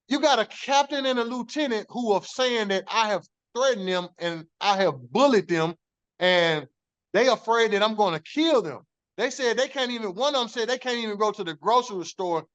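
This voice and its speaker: A man's voice: high-pitched, a bit bright, clear, resonant tone. Man telling his story, profane and emphatic. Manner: profane, emphatic, acts out quoted dialogue. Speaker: former corrections officer telling his story. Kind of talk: animated storytelling in an interview.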